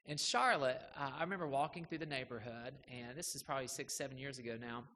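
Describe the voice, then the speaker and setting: A man's voice: medium pitch, quick pace, sharp tone, slight background noise. A middle-aged male pastor preaching a sermon in a church, talking in a conversational, self-deprecating way with many fillers. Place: church sanctuary. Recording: reverberant hall with faint background ambience.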